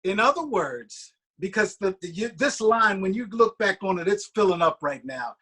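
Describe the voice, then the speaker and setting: A man's voice: high voice, sing-song, normal speed, pushed and bright, slightly rough. A man hosting an interview, recapping his guest's story back to him with eager interjections. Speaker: interview host. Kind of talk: casual interview.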